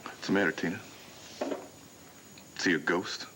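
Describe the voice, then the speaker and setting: A man's voice: sits low, steady tone, a little slow, pushed and bright, slight background noise, rough recording. A man playing a betrayed husband in a TV soap opera, accusing and harsh, who keeps repeating his wife's name. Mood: bitter anger. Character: bitter betrayed husband back from abroad. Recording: broadcast TV audio with music underneath.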